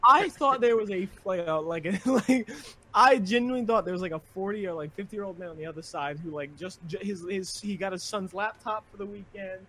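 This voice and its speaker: A man streamer chatting casually, joking with quick comebacks. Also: high-pitched, pushed and bright, slight background noise. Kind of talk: casual chat.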